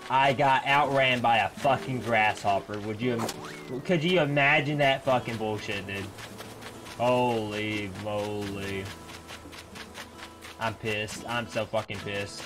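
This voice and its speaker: A young male streamer reacts to his game in loose, casual commentary, swearing often and snapping into frustrated outbursts. His voice sits at an ordinary middle pitch for a man, and clear music plays behind him. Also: measured pace.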